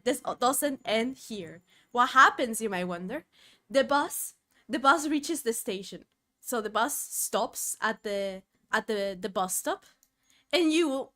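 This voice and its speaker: Woman streamer, casual storytelling, higher-pitched, swings between murmurs and loud outbursts. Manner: expressive, drops to low murmurs then bursts into loud exclamations.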